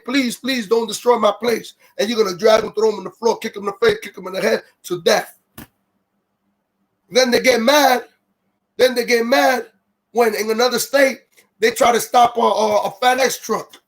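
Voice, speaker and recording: On his own livestream, a high-pitched host rants heatedly and swears heavily. Again and again he stops to read viewer comments aloud before returning to the tirade.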